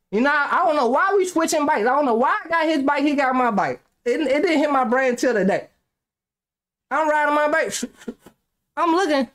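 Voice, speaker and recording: A young man hosting a reaction video, talking casually with lots of profanity, frequent laughter and rambling side stories. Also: extremely high pitch. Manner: animated, profane, laughs often, rambling anecdotes.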